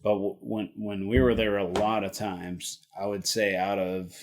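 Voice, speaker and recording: Man, middle-aged, lowish voice, casual guest chat, halting, many restarts. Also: flat delivery, slight background noise. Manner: halting, restarts phrases, laughs easily. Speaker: guest, retired Army helicopter pilot. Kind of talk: casual conversation.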